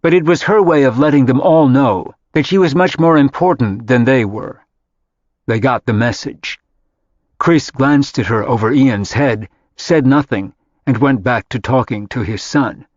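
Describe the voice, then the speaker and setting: A man reading a contemporary novel aloud in scripted narration, measured and even. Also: mid-range voice, dry recording. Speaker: audiobook narrator. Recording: dry, slightly dull audiobook audio.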